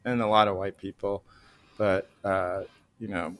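Man, low voice, dry close mic, relaxed host, chatty. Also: unhurried, no echo. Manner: chatty, steers the conversation. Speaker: podcast host. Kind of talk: casual discussion.

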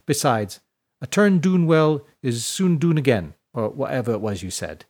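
A man's voice: mid-range voice, expressive, normal speed, darkish tone, natural voice. A man voicing a defiant, dry-witted young woman in a storybook reading, with wry, unbothered delivery and rural vowels.

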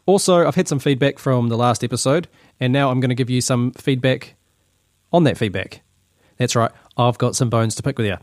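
A man's voice: mid-range voice, fairly quick, no echo, studio quality. Wry New Zealand man hosting a podcast. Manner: wry, mock-indignant banter. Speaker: podcast host. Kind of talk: casual comedic commentary.

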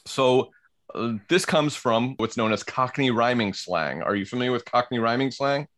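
Male podcast co-host, mid-range voice, relaxed explainer who laughs easily and reads aloud. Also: mid-range voice, moderate pace. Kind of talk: casual podcast banter.

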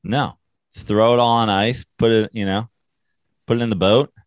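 Deep-voiced sarcastic man on a podcast. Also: steady tone, moderate pace, no room sound. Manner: sarcastic, joking, does mocking voices. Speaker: podcast co-host. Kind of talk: casual sports podcast banter.

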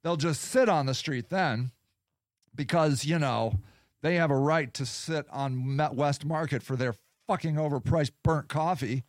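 Man, angry rant, profane, sarcastic, slightly high voice, dry recording. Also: unhurried, no room sound. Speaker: podcast host. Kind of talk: casual rant.

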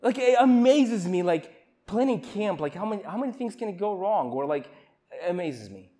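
A young man giving an emotional, earnest informal sermon at a youth camp, with halting restarts. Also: high voice, very animated, warm tone.

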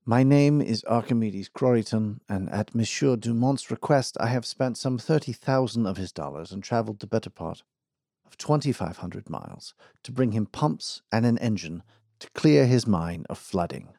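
A man's voice: lowish voice, expressive, moderate pace, vocal fry, mellow, no room sound, studio quality. A man doing a formal young engineer. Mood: firm. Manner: formal, courteous and assured. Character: composed young male engineer, polite and stubborn.

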